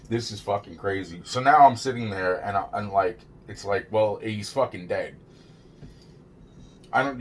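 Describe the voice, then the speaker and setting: A man's voice: medium pitch, slight background noise. Rambling, foul-mouthed man telling a story. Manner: rambling, heavy swearing, restarts and laughs. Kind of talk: casual personal storytelling.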